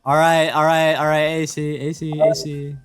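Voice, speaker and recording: A man reading a comedy game aloud with friends, animated and laughing between lines. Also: a little high, moderate pace, over music. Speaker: game reader.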